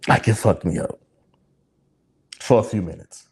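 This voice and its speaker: A man's voice: fairly low pitch, measured pace, a little mellow. A man co-hosting a podcast, talking in a candid, emotional and profane way and laughing often. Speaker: podcast co-host. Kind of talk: candid casual chat.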